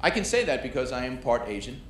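A brash stand-up comedian from New York performs a set on a comedy club stage, baiting the crowd and working the audience. His mid-range male voice is sing-song and fast. The club sounds echoey, with loud crowd noise.

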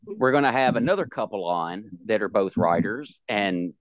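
A man hosting a podcast, relaxed and teasing. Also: on the low side, normal speed, no room sound. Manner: laid-back, teasing, drawls and laughs. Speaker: podcast host. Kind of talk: casual podcast chat.

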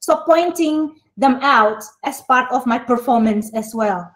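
A woman's voice: high-pitched, measured pace, low-quality recording. Indonesian-accented woman lecturing online. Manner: switches between English and Indonesian, expressive. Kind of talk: online class teaching.

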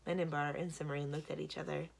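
A woman librarian reads a children's novel aloud in a steady storytelling manner. Her voice is low and gravelly with a slightly husky edge. Her pitch moves a lot, rising and falling as she tells the story. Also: moderate pace. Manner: steady storytelling, varied delivery. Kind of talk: children's book read-aloud narration.

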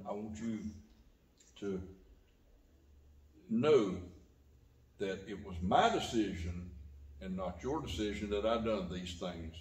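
Man preaching in an echoey church. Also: darkish tone. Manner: preaching with sudden rises and drops in pitch and volume. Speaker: pastor. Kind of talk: sermon. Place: church sanctuary.

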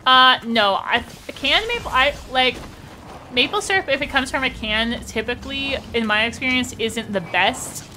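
A young woman streams a game and chats with a teammate, laughing often. Her voice is bright and lively, sitting a little high, with faint noise behind. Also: normal speed. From Canada. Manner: bubbly, encouraging, laughs often. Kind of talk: casual gaming chat.

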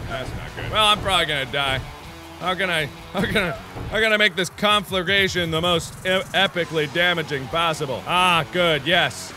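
A man in his twenties doing excitable let's play commentary, joking, yelling and laughing over a game. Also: fairly high pitch. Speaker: gaming YouTuber.

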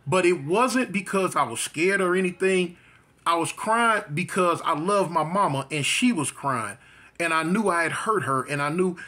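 A man's voice: on the high side, sharp tone. A man casually telling a personal life story, repeating phrases and acting out sounds as he goes. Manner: vivid storyteller who repeats phrases and mimics gunshots.

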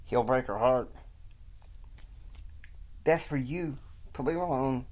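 A man voicing a stern, caring wealthy mother who calmly lays down the law. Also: mid-range voice, slow. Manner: calm, firm counsel.

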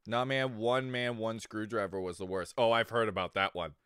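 A man's voice: on the low side, steady tone, normal speed, a bit bright, clear, resonant tone, dry recording, studio quality. A man streaming live, chatting casually with viewers in a crude, rambling way and often laughing. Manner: talks to chat viewers. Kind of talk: casual livestream chat.

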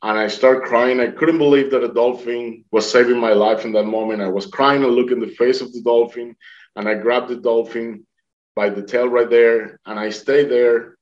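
A man's voice: mid-range voice, fairly even intonation, normal speed. Earnest man telling his story, lo-fi. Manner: earnest storytelling, acting out quoted voices. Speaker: interview guest. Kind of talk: personal testimony.

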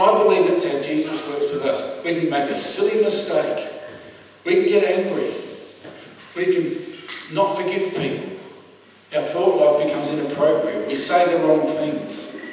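A man delivers a sermon in a casual, talking style, circling back to his phrases and pausing on fillers. His voice sits a little high. The sound comes from across a church hall, with a long echo and faint background noise. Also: a little mellow. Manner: conversational preaching with repeated phrases and fillers. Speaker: preacher. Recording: echoey hall, voice from a distance.

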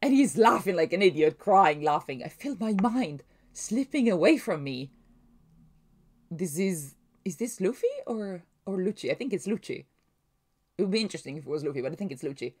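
A woman talking through her reaction to a comic chapter, excitable and thinking aloud, laughing often and restarting her sentences. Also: on the low side, fairly quick. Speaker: manga reaction vlogger.

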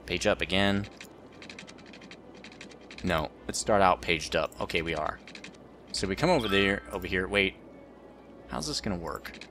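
A man's voice: sits low, pushed and bright, a little hiss or hum. A man rambling through let's play commentary as the host of a gaming channel, joking about his own mistakes.

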